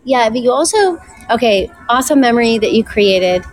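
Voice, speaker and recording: A woman's voice: a little high, animated, normal speed. A woman hosting a casual chat, affirming and encouraging her guest.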